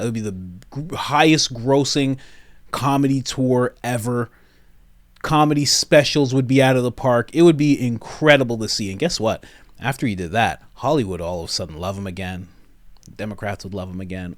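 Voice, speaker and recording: A man hosting comedic reaction commentary, talking in an animated, enthusiastic and chatty way. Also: fairly low pitch, moderate pace, no room sound.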